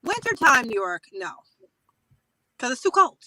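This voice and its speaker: A woman's voice: high voice, very animated, a little slow, pushed and bright, rough recording. A woman comedian guest chatting playfully from her car on a headset, laughing often. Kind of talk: casual chat over a video call.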